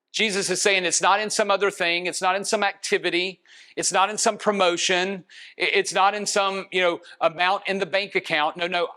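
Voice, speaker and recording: A man with a high voice delivers a sermon with earnest conviction. He slows down and draws out the phrases he wants to land, building steadily through his points. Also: sharp tone. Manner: earnest preaching, slowing for emphasis. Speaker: pastor.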